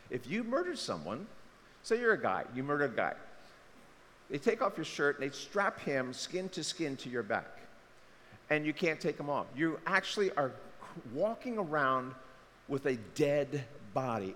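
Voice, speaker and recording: A man preaches in an easy, conversational way, acting out the voices of the people he quotes. His fairly high voice climbs and drops a lot. It rings with long reverb, like a big hall, over a faint background hiss. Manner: conversational, acts out quotes with lively pitch swings. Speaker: pastor. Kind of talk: sermon.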